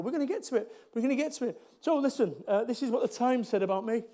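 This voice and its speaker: A man with a Mancunian accent whose voice sits very high for a man. He talks to a live audience as a motivational speaker, blunt and jokey, and he hammers points home by saying them twice. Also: lively intonation, fast, hardly any pauses, mellow. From Salford, England. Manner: blunt, jokey, repeats lines for emphasis.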